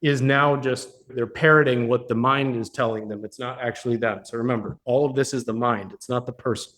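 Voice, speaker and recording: With a mid-range, slightly bright voice and fairly even intonation, this man talks fairly quickly as he runs a live mastermind workshop in a meeting room. As the business coach, he is blunt and profane and repeatedly checks in with his audience.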